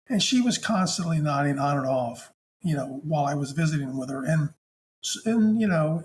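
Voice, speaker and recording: A man working as a hospice chaplain, telling a story in a gentle, affectionate, conversational way. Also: on the high side, a little hiss or hum.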